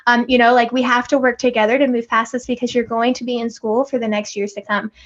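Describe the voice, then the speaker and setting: A woman's voice: a little high, little pitch movement, fast. A woman co-hosting a casual podcast chat, speaking animatedly and acting out talks with her kids. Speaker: podcast co-host. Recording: dull lo-fi audio.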